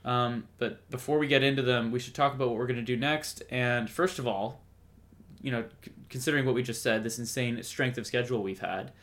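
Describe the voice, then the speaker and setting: A man's voice: mid-range voice, fairly quick, fairly bright tone. A man co-hosting a podcast, talking in a casual, rambling way, joking and breaking off mid-sentence. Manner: rambling, self-interrupting, jokey. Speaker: podcast co-host. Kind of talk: casual chat.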